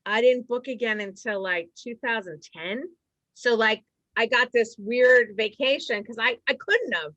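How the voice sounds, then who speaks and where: A middle-aged woman from Massachusetts, a stand-up comedian telling rambling stories with quick asides in a casual chat. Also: a little high, a bit bright, dry recording. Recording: dry, slightly dull sound.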